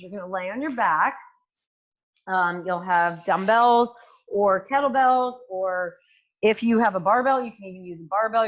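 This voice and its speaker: A woman's voice: mid-range voice, highs cut off. A woman fitness coach demonstrating exercises at home, giving encouraging instructions with frequent fillers. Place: home room with hardwood floor. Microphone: new microphone.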